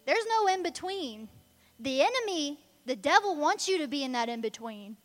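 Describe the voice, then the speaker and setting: A woman's voice: sits high, very animated, moderate pace, big-room sound. A woman preaching a sermon in an emphatic, conversational way.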